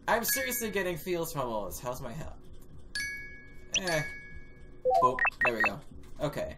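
A woman's voice: on the low side, big pitch swings, slow pace, pauses often, background noise. A young woman giving playful let's play commentary, laughing and swearing casually. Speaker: game commentator.

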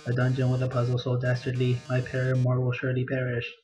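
A man's voice: mid-range voice, monotone, fast, darkish tone, lo-fi sound, soft background music, close to an everyday voice. A man hamming up a melodramatic robot diva. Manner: hammy, mock-tragic, theatrical. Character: melodramatic diva-like robot opera star, male.

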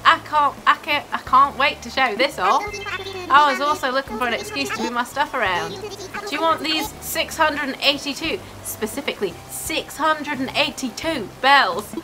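A woman voicing a cheerful young male jock animal villager in a put-on Australian accent, loud and upbeat. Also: high-pitched, expressive, moderate pace, rough recording. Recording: game music behind.

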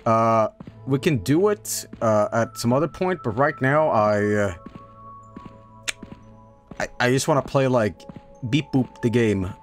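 A male streamer chatting casually at a home desk mic, his pitch bouncing all over as he talks. He reads game blurbs in a quick rattle and now and then jumps into goofy high squeals. A faint bit of music hums underneath. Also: animated. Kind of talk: casual live-stream commentary.

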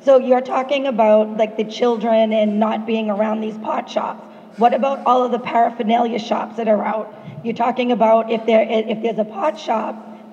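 A hoarse woman speaks up at a public meeting. Her high, gravelly voice carries rambling, pressing questions. The recording is dull and echoey, with a long reverb. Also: a little mellow. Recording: dull, echoey hall recording with faint noise.

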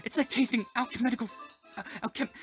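A woman's voice: a little high, normal speed, sharp tone, faint music behind, voice pushed up. A woman voicing a cheerful young female cookie who runs a sandwich shop, read aloud from a game. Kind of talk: reading game dialogue aloud.

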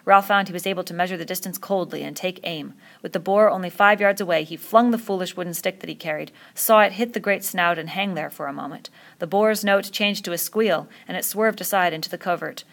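A woman reading a novel aloud in a steady storytelling voice. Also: fairly low pitch, a little fast, vocal fry, few pauses. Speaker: reader.

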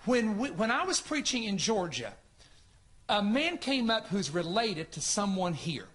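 A man preaching a sermon, telling a story in an animated way and acting out the dialogue of the people in it. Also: sits high, a little slow. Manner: animated, acts out reported dialogue.

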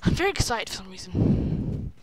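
A woman giving playful, excitable commentary over her own gameplay, breaking into silly chatter and squealing outbursts. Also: medium pitch, normal speed, noisy background. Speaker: gaming video creator.

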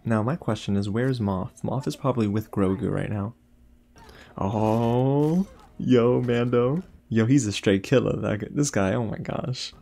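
A young man hosting a casual reaction video, talking excitedly to his viewers with lots of exclamations. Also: on the low side, brisk, gravelly, few pauses. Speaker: YouTube reaction host.

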